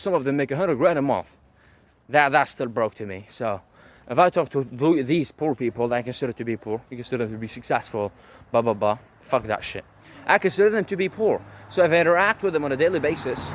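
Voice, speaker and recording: A brash young man rants on and on, cursing and tripping over his own restarts. His voice sits a little high for a man, with faint traffic humming behind him on a city street. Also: a bit bright. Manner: brash, boastful, rambling with restarts and swearing. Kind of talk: profane monologue to camera.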